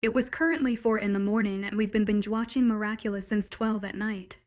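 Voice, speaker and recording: A woman narrating a first-person romance audiobook in a soft, intimate, dreamy storytelling manner. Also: mid-range voice, steady tone, brisk.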